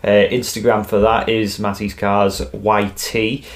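A man's voice: lowish voice, level tone, measured pace. A young man co-hosting a car podcast in casual, playful chat. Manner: teasing, playful. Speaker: podcast co-host.

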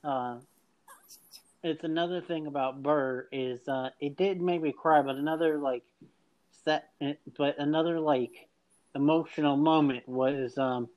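A man co-hosting a podcast, talking casually and haltingly as he searches for words. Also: on the high side, fairly even intonation. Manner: halting, many fillers and restarts. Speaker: podcast co-host. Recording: dull lo-fi sound.

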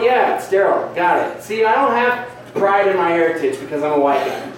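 High-voiced comedian on an echoey stage. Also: male voice, moderate pace, a little hiss or hum. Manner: rambling, crude, self-mocking. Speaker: stand-up comedian. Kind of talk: stand-up comedy set. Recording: echoey live club recording from a distance.

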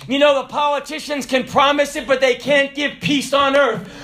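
A man in his forties preaching a sermon, swinging between shouted declarations and low, quiet asides. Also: flat delivery, moderate pace. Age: 40s. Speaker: pastor.

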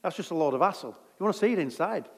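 Jokey preacher. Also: male voice, fairly high pitch, rapid-fire, big-room sound, a little hiss or hum. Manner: jokey, conversational, lively. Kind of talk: sermon.

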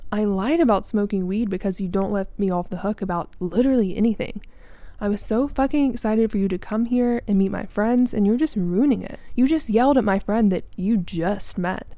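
Mellow-voiced young woman telling a story. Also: mid-range voice, no echo. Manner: candid, personal, present-tense storytelling. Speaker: podcast host. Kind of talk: storytelling narration.

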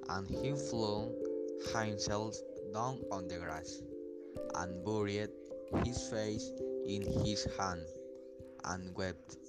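A man narrating a storybook tale in a slow, measured way. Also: on the low side, rough recording. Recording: loud music playing underneath.

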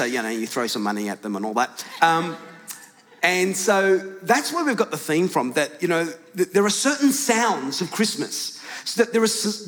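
A man's voice: on the high side, fairly bright tone. A man preaching a sermon in a large church auditorium, talking in a loose, conversational way. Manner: conversational, with fillers and restarts. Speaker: pastor. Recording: long hall reverb in church.

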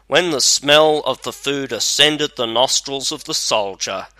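Slow bright-voiced male storyteller. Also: medium pitch, no room sound. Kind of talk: scripted fairy tale narration.

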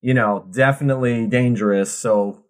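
A man co-hosts a casual beer podcast with an easygoing, rambling way of talking. His pitch sits in the middle, and he drifts between loose chat and reading out a can label. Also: fairly even intonation, normal speed. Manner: laid-back, rambling, reads labels aloud. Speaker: podcast co-host.

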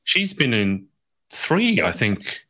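A man's voice: mid-range voice, wildly swooping pitch, slow, crowd noise. An Australian man hosting a podcast, chatty and self-deprecating, often restarting his sentences. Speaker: podcast host. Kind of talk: casual chat.

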